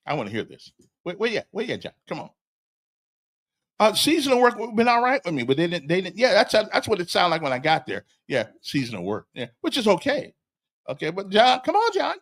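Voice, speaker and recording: An older man hosts a casual stream and tells a long, wandering story. His voice sits high and jumps all over the place. He stammers, repeats words, chuckles often and speaks straight to one listener. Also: fairly bright tone. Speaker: host. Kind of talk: casual livestream chat.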